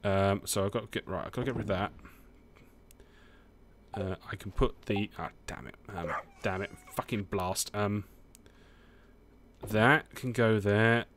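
A man's voice: fairly low pitch, measured pace, pauses often, a bit bright, slight background noise. A young British man from the UK, chatting casually while he plays a farming game, swearing often and humming to himself. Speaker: gaming streamer. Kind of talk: casual let's-play commentary.

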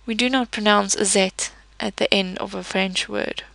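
A woman teaching a pronunciation lesson, explaining patiently with pauses, fillers and small self-corrections. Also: medium pitch, fairly even intonation, vocal fry, fairly bright tone, no echo, rough recording. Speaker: French teacher.

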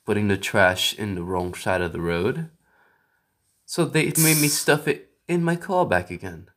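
A man co-hosting a comedy video, bantering crudely and breaking into loud mock rants. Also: lowish voice, measured pace. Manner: loud, profane, mock-ranting. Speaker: comedy vlog co-host.

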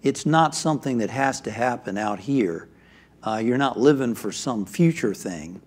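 A man in a mid-range voice hosts an interview. He keeps affirming his guest and offers calm, reflective thoughts of his own. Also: mid-range voice, moderate pace. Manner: affirming, frequent agreeing interjections. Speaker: interview host, minister. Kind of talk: conversational interview.

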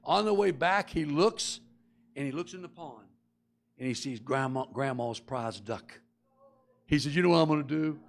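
Middle-aged guy preaching, gravelly voice, folksy storyteller, gets earnest. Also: a little high, normal speed. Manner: folksy storyteller acting out characters; earnest, confessional. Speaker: guest preacher. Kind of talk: sermon with storytelling.

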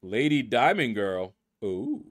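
A man's voice: medium pitch, sing-song, takes it slowly. Laid-back man calling out gamer names. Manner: laid-back, muses aloud, stumbles over names. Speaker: gaming channel host. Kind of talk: casual commentary reading leaderboard names.

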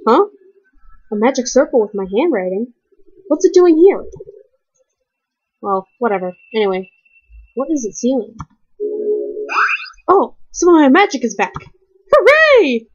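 A woman's voice: on the high side, big pitch swings, measured pace, pauses often, a little mellow, breathy edge, heavily acted. A woman voicing a proud young male magician in a game, reading the lines fairly plainly. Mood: determined. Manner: reads game text aloud in a plain voice. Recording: dull lo-fi recording.

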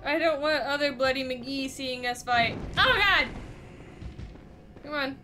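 High-pitched swearing woman gamer. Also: normal speed, soft background music. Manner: profane, excitable, laughs and yells at the game. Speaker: gaming streamer. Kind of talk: casual let's-play commentary.

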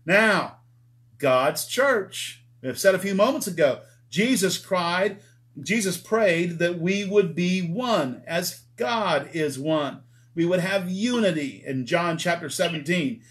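Emphatic preacher with a higher voice. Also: male voice, expressive, slow pace, fairly bright tone. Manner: emphatic, repeats key words, checks in with "all right?". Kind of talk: Bible study sermon. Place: church.

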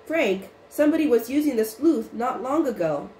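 A woman voicing an eager teenage boy detective who talks in a lively, friendly way, in a roomy recording with faint noise. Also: on the high side, moderate pace, natural voice.

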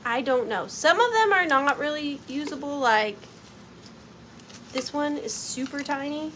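A young woman runs a casual home sale of vintage finds. Her voice sits high and bounces all over the place, bubbly and playful. A faint hiss of room noise lies underneath. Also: animated, a little slow, a bit bright. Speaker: online vintage seller. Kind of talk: casual live sale chat.

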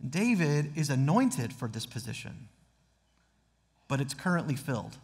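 A man's voice: fairly high pitch, very animated, moderate pace, husky, in a large hall. A man preaching a sermon as pastor, earnest, reading scripture aloud with dramatic emphasis. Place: church sanctuary.

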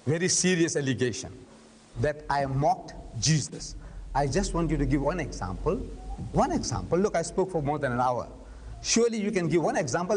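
An older man lecturing and debating in public, forceful and argumentative, firing rhetorical questions. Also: a little high, husky. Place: large lecture hall. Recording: long hall reverb, faint noise.

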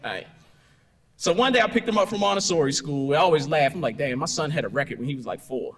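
Lively keynote man in a reverberant hall. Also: fairly high pitch, fast. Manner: conversational, tags "right?" and "you know" constantly; storytelling with punchy asides and rhetorical questions. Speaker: keynote speaker. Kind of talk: conference keynote talk.

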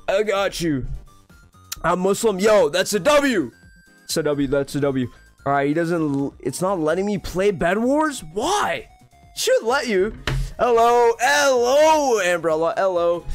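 A man live-streaming a game, reading viewers' chat aloud with quick, excitable reactions. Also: high-pitched, no room sound.

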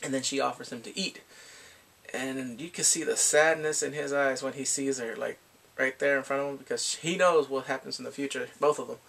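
A man recapping a drama in casual chat, excitable, often laughing and sighing as he acts out the characters' lines. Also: medium pitch, a little fast, gravelly. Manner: excitable, quotes characters in lively voices, laughs and sighs often. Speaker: drama reviewer.

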